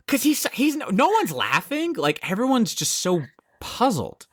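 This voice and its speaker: A man co-hosting a podcast in casual chat, telling a story in an animated, profane way. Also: very high-pitched, slow pace, pauses often. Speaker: podcast co-host.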